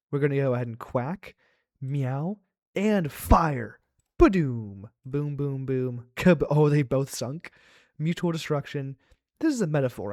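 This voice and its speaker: A man playing a game aloud, reading it out with playful chatter, gasps and quick reactions. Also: medium pitch, darkish tone, no echo, clean studio sound. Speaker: let's play host.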